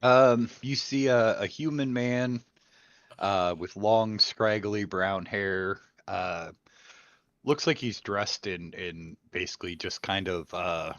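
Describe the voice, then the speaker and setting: Low voice guy in a tabletop game, lots of ums, muffled lo-fi mic. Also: no echo. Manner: hesitant, full of ums. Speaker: player. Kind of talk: tabletop game play over voice chat.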